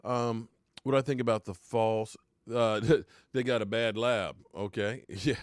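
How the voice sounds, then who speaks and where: A man's voice: on the low side, fairly even intonation, a little slow, no room sound. Chatty man hosting a sports stream. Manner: chatty, rambling, reacts to viewer comments, swings into mock heartbreak. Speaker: live-stream sports talk host. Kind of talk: casual live-stream chat.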